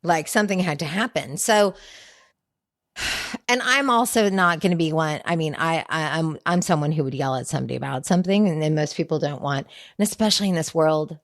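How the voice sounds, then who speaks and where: A woman's voice: sits low, fairly quick, dry recording, clean studio sound. A woman dog trainer chatting as a podcast guest, telling stories with lots of "like" and acting out what people say. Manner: animated storyteller, acts out voices, lots of "like". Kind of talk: casual podcast chat.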